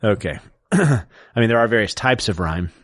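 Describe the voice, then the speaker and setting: A man's voice: lowish voice, expressive, moderate pace, dry recording, studio quality. A man who teaches, explaining things step by step as a podcast co-host in casual chat.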